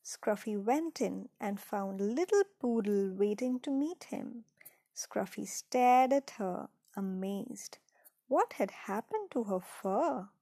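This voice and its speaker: A woman reading a children's story aloud in a gentle, unhurried way, dropping into soft whispered asides. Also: mid-range voice, expressive, husky, dry recording.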